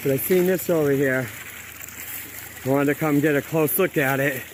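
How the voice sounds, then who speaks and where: A man's voice: fairly high pitch, normal speed, slight background noise, poor audio. Breathless man filming outdoors by a canal. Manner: amazed, repeats himself, talks to viewers while walking. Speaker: vlogger exploring brick ruins. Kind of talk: casual walking commentary.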